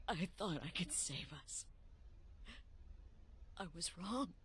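An actress playing a remorseful, resigned female assassin leader who speaks in a measured, grave way. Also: on the low side, expressive.

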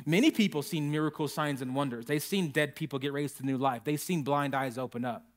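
A man preaching a sermon as pastor, telling stories with lively acted quotes to his congregation. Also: on the high side, brisk. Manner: animated storytelling with acted quotes. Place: church.

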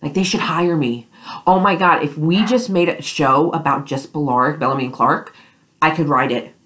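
A young woman talks fast and loose in a casual fan vlog, gushing and rambling with plenty of fillers. Her voice sits low for a woman. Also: fairly bright tone. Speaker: vlogger. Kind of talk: excited fan reaction vlog.

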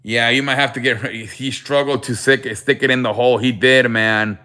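Chatty male sports streamer, bright voice. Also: medium pitch, fairly even intonation, moderate pace. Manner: chatty, greets viewers by name, reads chat aloud; repeats "I beg your pardon" as a running joke. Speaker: live stream host. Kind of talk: casual live chat with viewers.

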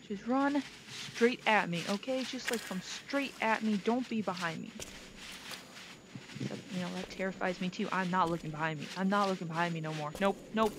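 A woman's voice: medium pitch, moderate pace. A woman hosting a let's-play of a scary VR game, talking nervously and rambling to her viewers. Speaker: gaming video host. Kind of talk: casual let's-play commentary. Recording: noisy game ambience behind.

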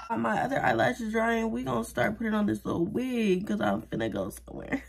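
A woman's voice: fairly high pitch, lively intonation, brisk, gravelly, few pauses, slightly rough. A young woman chatting casually through a beauty tutorial, joking and mocking herself as she talks straight to viewers. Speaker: vlogger doing a wig and lash tutorial.

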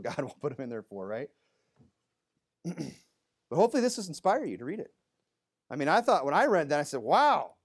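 A man preaching a sermon in an earnest way, moving from quiet, reflective passages to emphatic, rising exhortation. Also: medium pitch. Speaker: pastor.

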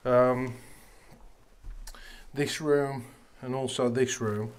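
A man exploring an old empty building on a ghost hunt, talking casually between hushed remarks and loud calls out. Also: mid-range voice, fairly even intonation, drawn-out words, clean tone. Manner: hushed, then calling out loudly. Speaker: ghost hunter. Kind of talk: casual chat while exploring.

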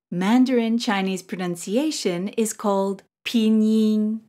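A young woman giving a scripted pronunciation lesson, drawing out each model syllable slowly and carefully. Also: medium pitch, mellow. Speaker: pronunciation teacher.

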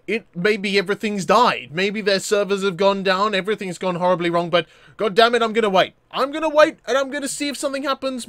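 A young man with a high, bright-sounding voice narrates his gameplay in a loose, joking way. He gets excited quickly and stumbles into stammered restarts as the action unfolds. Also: dry recording. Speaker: gaming YouTuber. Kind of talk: casual gameplay commentary.

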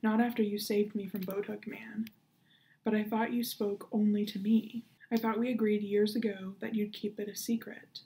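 A woman's voice: mid-range voice, little pitch movement, normal speed, gravelly, dark tone, lightly acted. A woman voicing a guarded, wry young boy in a children's storybook reading.

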